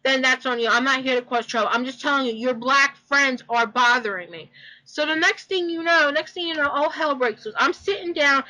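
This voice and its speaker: Casting: young woman, high bright voice, loose rambling storyteller, swears. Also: brisk, poor audio. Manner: rambling, repeats herself, swears. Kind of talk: casual personal story.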